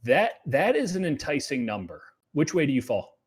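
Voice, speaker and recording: A man hosting a sports betting show, talking casually and loosely, often dropping into quiet asides. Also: a little high, sing-song, moderate pace, slightly rough.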